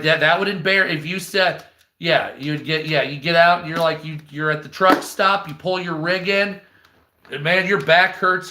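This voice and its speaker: A man's voice: sits high, bright, forceful tone, slight background noise. A man hosting a live stream, ranting in a rambling, profane, mocking way. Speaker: live stream news host. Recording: echoey room.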